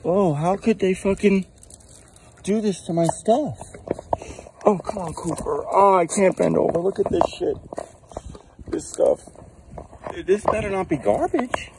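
A man's voice: sits high, background noise. Furious swearing man ranting outdoors. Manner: furious, exasperated, swears constantly. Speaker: vlogger filming damaged belongings. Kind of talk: angry ranting complaint. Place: outdoors at home at night in the rain.

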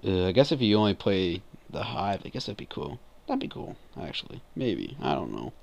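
A man giving relaxed gameplay commentary, often mumbling to himself. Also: deep voice, normal speed, creaky. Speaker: gamer.

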